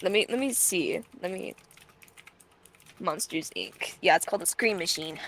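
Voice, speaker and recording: A woman's voice: on the low side, moderate pace, vocal fry, pauses often, fairly bright tone, slight background noise. A teenage girl co-hosting a stream, chatting casually in a dramatic, exasperated, teasing way. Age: teens. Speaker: stream co-host. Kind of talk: casual chat.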